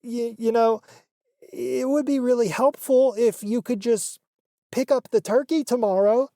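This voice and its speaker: A man's voice: very high-pitched, fairly even intonation, unhurried, warm tone, dry recording, studio quality, voice pushed up. A man mocking his mother, putting on her voice as a whiny, fake-sobbing middle-aged woman. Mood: whiny mockery. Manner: mocking, whining, sing-song.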